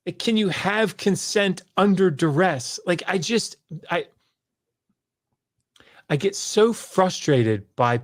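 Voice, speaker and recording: A man co-hosting a podcast, venting his frustration in an emphatic, exasperated way, with sighs and repeated words. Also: fairly high pitch. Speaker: podcast co-host. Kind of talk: heated casual discussion.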